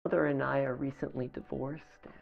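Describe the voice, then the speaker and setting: A man's voice: mid-range voice, flat delivery, brisk, gravelly. An actor playing a desperate stranded father who pleads hesitantly for help at a stranger's door. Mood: pleading. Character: desperate middle-aged man pleading at a door. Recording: slightly dull audio with faint music.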